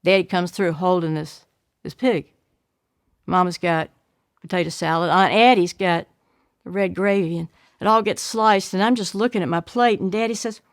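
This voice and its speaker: A woman's voice: on the low side, normal speed, no room sound. Older lady telling a family story, does all the voices, super dry close sound. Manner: animated, acting out shouts and voices of family members. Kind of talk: storytelling a childhood memory.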